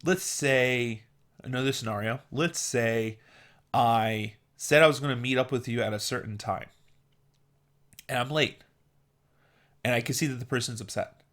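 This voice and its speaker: A man's voice: mid-range voice, unhurried, long pauses, a bit bright. Male vlogger, mid-range voice, earnest and opinionated casual monologue.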